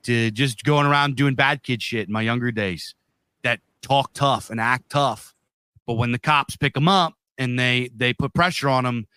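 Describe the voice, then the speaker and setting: Guy on a podcast rambling and cussing through a story, bright forceful voice, dry sound. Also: mid-range voice, dry recording. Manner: profane, rambling, fired-up storyteller. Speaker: podcast co-host.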